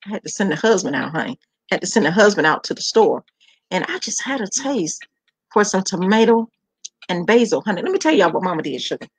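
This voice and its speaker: A chatty woman, hosting a home cooking channel in a casual, folksy way. She calls the viewers honey and child. Her voice sits at a middling pitch, and the sound is dry, with no room echo. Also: sing-song, brisk, slightly rough.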